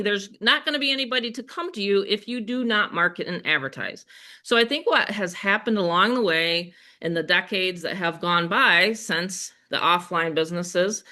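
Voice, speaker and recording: A woman's voice: mid-range voice, bright, forceful tone. An older woman and grandmother with a Western New York accent, hosting a live sales webinar in a chatty, upbeat way and asking the audience questions. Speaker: webinar host.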